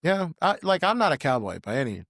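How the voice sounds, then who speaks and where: A man's voice: fairly high pitch, big pitch swings, fairly quick, vocal fry, a bit bright, no room sound, studio quality. A young man talking as a podcast guest in a casual chat, blunt and rambling, swearing freely.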